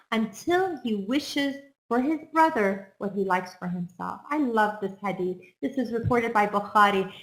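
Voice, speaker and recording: Woman counselor, fairly high voice, earnest and encouraging, addresses the audience, echoey room. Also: a bit bright. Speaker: counselor speaking on self-esteem. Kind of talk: talk to an audience.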